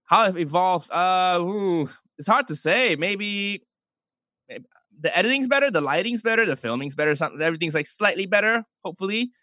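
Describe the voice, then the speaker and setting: A man's voice: high-pitched, animated, normal speed, pushed and bright, dry recording, clean studio sound. A man from Malaysia, a comedian answering interview questions casually, often hesitating and restarting his sentences. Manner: hesitant, many restarts and fillers. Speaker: comedian and YouTuber guest.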